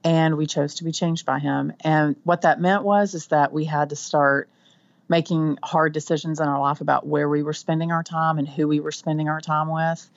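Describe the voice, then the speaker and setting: Texan woman, low voice, warm chatty interviewee, dull recording. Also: steady tone, normal speed, dry recording. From Texas Panhandle. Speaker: guest author. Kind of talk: casual interview chat.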